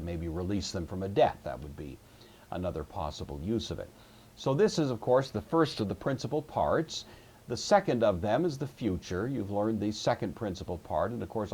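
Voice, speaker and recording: A man's voice: sits low, a little mellow, breathy edge. A man teaching a recorded language lesson, explaining patiently and methodically with occasional fillers. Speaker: Greek teacher. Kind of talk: recorded classroom lecture.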